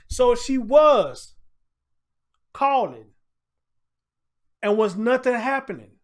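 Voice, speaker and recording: Guy with a high voice reacting to a crime story on his channel, blunt and repetitive, swears a lot. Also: takes it slowly, pauses often. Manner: loose and emphatic, swears, repeats himself. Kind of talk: casual reaction commentary, reading aloud.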